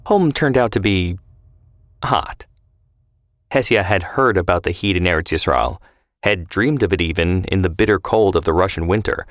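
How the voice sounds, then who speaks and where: A man narrating a scripted historical drama in a calm storytelling manner. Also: sits low, normal speed, no room sound.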